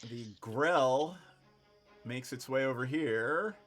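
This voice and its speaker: Slow and a bit bright at medium pitch, a man serves as game master for an online tabletop game, narrating the action over voice chat. He's easygoing and laughs a lot with his players, with soft background music behind him.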